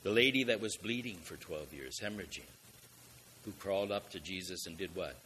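A man's voice: deep voice, fairly quick, a bit bright, a little hiss or hum. A man preaching a sermon, asking rhetorical questions and building up with emphatic swells in volume.

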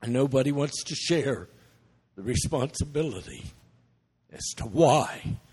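A man's voice: mid-range voice, expressive, unhurried, darkish tone, husky. A middle-aged man preaching a sermon, telling stories earnestly and emotionally, with some restarts. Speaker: missionary preacher. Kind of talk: sermon storytelling. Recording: long church reverb.

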